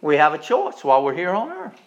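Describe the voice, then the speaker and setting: Man, pastor, sermon, high voice, wide swings in loudness, dull lo-fi recording. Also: wildly swooping pitch, fairly quick. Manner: swings from soft and low to loud, high preaching.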